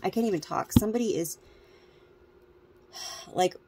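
A woman's voice: on the low side, normal speed, heavy background noise. A woman tarot reader, out of breath, chatting casually and rambling to her viewers. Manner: rambling, restarts often.

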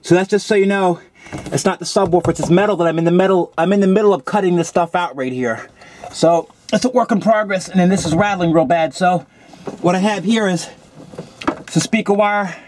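A man with a high voice talks casually to his camera while working on his car outdoors. He sounds a little out of breath and explains as he goes. Faint engine and street noise sit behind him in the camera audio. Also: fairly quick, darkish tone. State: slightly out of breath. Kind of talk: casual on-camera demo talk.

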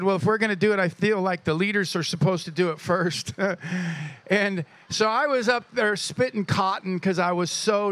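A man with a high voice, recorded with no room sound, introduces a guest speaker to his church as pastor. He tells a story with animated energy and then prays over the guest.

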